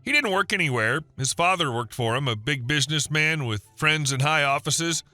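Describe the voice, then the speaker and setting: A man narrating a scripted first-person story in an even storytelling manner. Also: on the high side, moderate pace, dry recording, soft background music.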